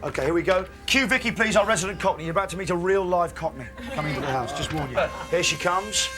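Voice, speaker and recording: A man's voice: high-pitched, fast. A man hosting a live breakfast TV show, bantering and reading puns with mock fanfare. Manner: playful, hammy, reads puns with mock fanfare. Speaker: breakfast TV host. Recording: loud music bed underneath. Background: music.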